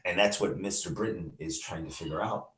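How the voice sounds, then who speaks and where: A man's voice: deep voice, fairly quick, a bit bright. A male teacher reading a novel aloud to his class, with short asides to the students. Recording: echoey room.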